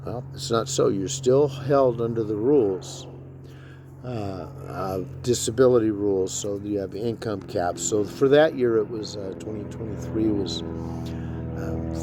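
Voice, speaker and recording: A man's voice: lowish voice, background noise. A man and military veteran talking bluntly to camera in a rambling, profane monologue full of fillers.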